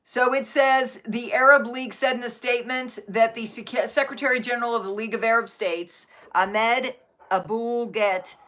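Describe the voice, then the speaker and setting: A woman's voice: a little high, fairly even intonation, normal speed, sharp tone. Woman reading news on a live stream. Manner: reads news articles aloud and adds faith-based commentary; breaks off to coo at her dogs.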